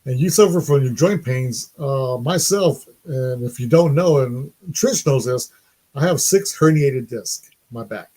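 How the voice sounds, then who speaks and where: A middle-aged man talks casually to his live stream viewers. His voice sits at an ordinary pitch, and he laughs easily between stories. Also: expressive, measured pace, mellow. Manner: chatty, laughs often.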